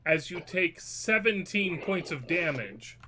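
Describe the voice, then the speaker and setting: A man's voice: high-pitched, very animated, takes it slowly, crowd noise. A man acting as game master, joking and hedging as he runs a tabletop game online, swearing now and then.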